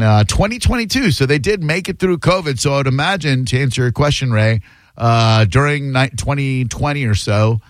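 A man hosting a call-in radio show, teasing and mocking his callers in quick banter from a studio microphone. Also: mid-range voice, dry recording.

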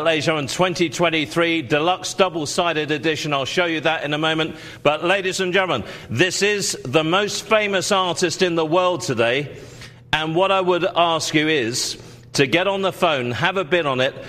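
Salesy male TV auction host. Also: fairly high pitch. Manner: salesy, many fillers, repeats "ladies and gentlemen". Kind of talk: live TV auction presenting.

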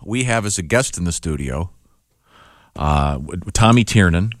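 Low-voiced male radio host. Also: lively intonation, normal speed, no room sound, clean studio sound. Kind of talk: casual studio chat.

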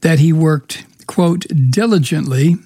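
A man hosting a political talk show, sardonic and rambling with many fillers, with a weak husky voice. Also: fairly high pitch, takes it slowly, warm tone, no room sound, studio quality. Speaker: radio talk show host. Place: home studio in the mountains.

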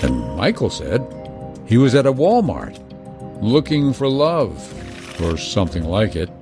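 A man reading a scripted true-crime narration in a measured way, with dramatic pauses. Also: fairly low pitch, huge pitch swings. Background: music.

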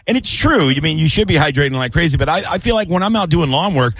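A man's voice: fairly high pitch, expressive, quick pace, a bit bright, dry recording. Casting: middle-aged male radio host, loose joking banter, dry close sound. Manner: joking, whiny on purpose. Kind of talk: casual call-in radio talk.

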